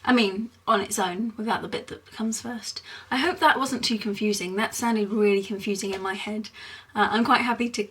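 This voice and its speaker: A young woman from Essex with an Essex accent, chatting casually in a rambling vlog, giggling often and filling pauses with lots of ums. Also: medium pitch, steady tone, a bit bright, husky, far from the mic. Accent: Essex English. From England (Essex).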